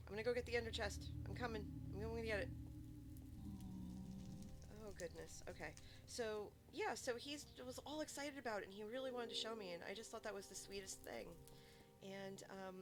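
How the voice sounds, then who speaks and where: A woman at a middle pitch talks in a loose, rambling way while she plays a game on stream. She wanders from story to story and stops to answer comments from her chat. Her delivery is casual and chatty. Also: a little fast, music in the background.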